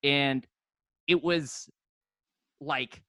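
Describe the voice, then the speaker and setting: A man's voice: medium pitch, steady tone, extremely slow, sharp tone, dry recording, studio quality. A man co-hosting a casual podcast, telling a rambling story full of profanity. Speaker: podcast co-host.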